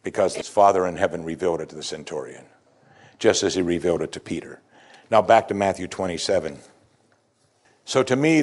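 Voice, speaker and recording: Guy preaching a sermon, super animated, voice jumps all over, goes quiet for the heavy parts. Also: fairly low pitch. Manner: animated preaching, voicing quoted speakers, swings from loud to hushed. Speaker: pastor.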